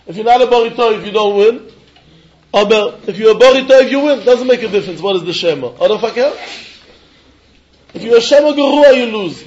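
High-voiced man giving a fast Talmud lecture. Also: darkish tone, muffled recording. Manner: rapid, emphatic, switching between English and Hebrew. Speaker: Talmud teacher.

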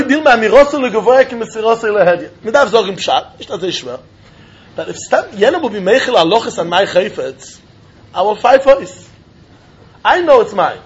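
Husky high-voiced man teaching Talmud. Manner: animated, sing-song, laughs often. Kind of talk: Talmud study lecture. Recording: dull lo-fi recording.

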